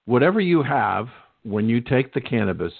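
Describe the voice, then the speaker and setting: A man's voice: mid-range voice, big pitch swings, moderate pace, vocal fry, no echo. A male radio host interviewing a guest, polite and a bit hesitant, repeating words and telling a story to set up questions. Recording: tinny phone-like line, dry.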